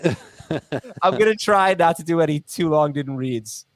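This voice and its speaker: A man's voice: a little high, lively intonation, a little slow, no room sound. Jokey man hosting a sports podcast. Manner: jokey, laughing, reads listener emails aloud. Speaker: podcast host. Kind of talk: casual sports chat.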